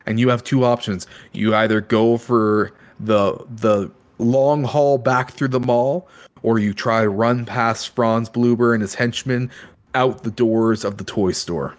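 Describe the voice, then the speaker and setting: Casting: male game master, playful scene narration, mid pitch. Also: steady tone, unhurried. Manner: playful, describing action scenes.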